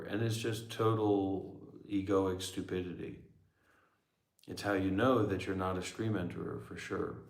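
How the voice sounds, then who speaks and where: A man's voice: sits low, roomy sound. A man who is a former monk and meditation teacher talking bluntly and sardonically on a livestream. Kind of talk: livestream Q&A talk.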